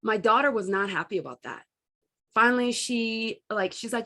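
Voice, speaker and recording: Woman, middle-aged, self-help coach, candid, anecdotes, lively quoting. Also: medium pitch, moderate pace. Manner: candid, storytelling, animated quoting. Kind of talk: self-help talk to camera.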